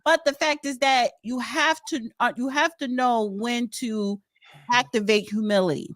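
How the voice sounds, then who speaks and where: A woman co-hosting a live talk show, expressive and casual, calling listeners honey. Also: fairly high pitch, moderate pace, no echo, clean studio sound. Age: 40s or older. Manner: expressive, calls people honey. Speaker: co-host.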